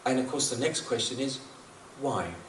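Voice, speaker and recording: A man's voice: mid-range voice, expressive, normal speed, fairly bright tone, slight background noise. A man sharing spiritual teachings in a reflective talk, earnest and prone to repeating himself. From New Zealand. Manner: earnest, repeats himself, chuckles at his own jokes. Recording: echoey room, speaker far from the mic.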